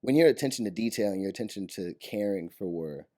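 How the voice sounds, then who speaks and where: In a hotel room, a man interviewed as a guest actor chats casually, telling stories in an animated way and laughing often. His voice is on the low side and fairly quick.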